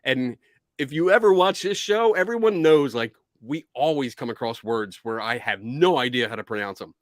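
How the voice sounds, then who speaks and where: A man with a Philadelphia accent hosting a casual live-stream chat, excitable, laughing often and swearing casually. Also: mid-range voice, normal speed, no echo, clean studio sound. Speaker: host.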